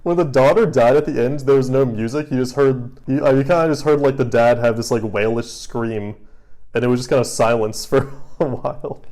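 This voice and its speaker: A man's voice: medium pitch, fairly even intonation, brisk, dark tone. A man co-hosting a casual movie podcast, laid-back and joking, with lots of filler words. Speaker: podcast co-host.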